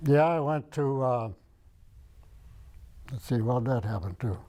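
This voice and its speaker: A man's voice: mid-range voice, lively intonation, measured pace, mellow, slight background noise. An older man from Michigan, an interviewee in an oral history interview, rambling and searching his memory aloud. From Michigan, United States. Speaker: veteran interviewee.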